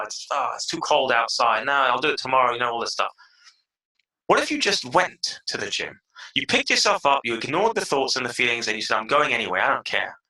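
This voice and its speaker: Emphatic, lively man with bright voice. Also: rough recording. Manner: emphatic, acts out inner voices with big pitch jumps. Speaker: podcast guest. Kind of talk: animated interview talk.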